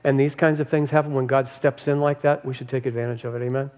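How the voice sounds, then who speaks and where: A man's voice: mid-range voice, steady tone, fast talker, darkish tone. A man, the pastor, speaking in a reflective, preacherly way on a church podcast and asking listeners for agreement. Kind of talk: podcast sermon talk.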